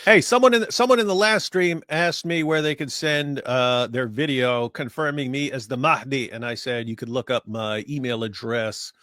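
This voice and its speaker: Man, mid-pitched voice, dry close mic, wry teasing banter, casual livestream co-host. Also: moderate pace, few pauses, fairly bright tone, no echo.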